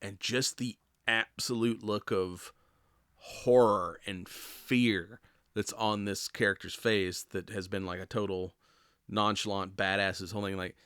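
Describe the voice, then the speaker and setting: A man with a fairly low voice chats loosely through a solo podcast recap, stringing thoughts together with "like" and "you know" and the odd casual swear. The sound is dry and close, with little room around it. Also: fairly even intonation, measured pace, fairly bright tone, clean tone, dry recording. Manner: rambling, filler-heavy, swears casually. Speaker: podcast host.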